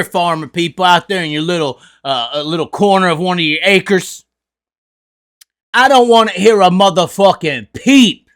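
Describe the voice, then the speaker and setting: Brief: a drunk, profane vlog host with a high, bright voice, heated and mocking. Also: male voice.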